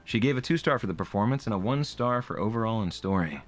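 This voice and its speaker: Animated man riffing on reviews. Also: on the low side, fast, faint music behind. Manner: animated, exaggerated reactions, laughs often. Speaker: host. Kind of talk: comedic commentary reading reviews.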